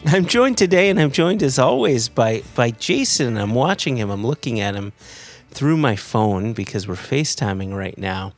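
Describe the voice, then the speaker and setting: A man's voice: mid-range voice, animated, moderate pace, few pauses, faint music behind. A man with a Connecticut American accent hosting a podcast in a playful, joking casual chat. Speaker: podcast host.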